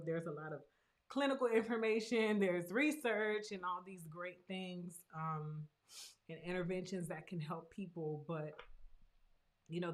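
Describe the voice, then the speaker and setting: A woman, a therapist and host, talking earnestly and encouragingly about her own hard experience. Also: lowish voice. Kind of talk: heartfelt personal talk.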